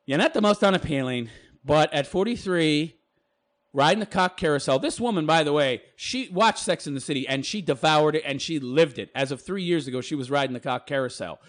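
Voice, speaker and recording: A man's voice: a little high, animated, a little fast. A man ranting in a reaction commentary, crude and sneering, swearing heavily.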